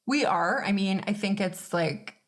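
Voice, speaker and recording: A woman's voice: medium pitch, a little slow. A woman psychotherapist, a podcast guest, candidly and thoughtfully telling her personal story in a casual interview.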